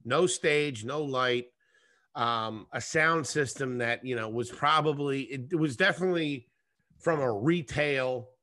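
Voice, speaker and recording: A man, a comedian guest, telling a rambling, profane story in a casual, animated way. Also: medium pitch, unhurried, no echo, clean studio sound. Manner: profane, animated, acts out scenes.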